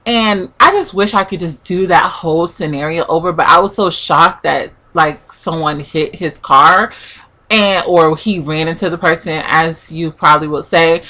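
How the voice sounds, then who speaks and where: A woman's voice: low-pitched, normal speed, sharp tone. A young woman vlogger telling a personal story in a chatty, casual way, full of "like" and acted-out quotes. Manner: chatty, peppered with "like", acts out quotes.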